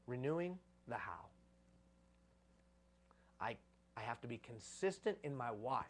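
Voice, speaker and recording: A man's voice: medium pitch, sing-song, a little slow, a little hiss or hum. A man giving a live conference talk on leadership, preaching with repeated phrases for emphasis.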